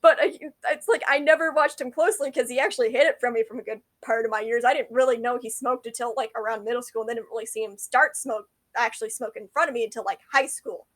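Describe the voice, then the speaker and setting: A woman's voice: on the high side, fairly bright tone. A young adult woman telling a rambling, self-deprecating story to camera, often correcting herself mid-sentence. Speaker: vlogger.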